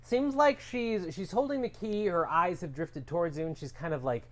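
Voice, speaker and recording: A woman's voice: fairly low pitch, normal speed. A woman running a tabletop role-playing game, narrating scenes in a chatty, rambling way. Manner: chatty and rambling, full of fillers. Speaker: game master.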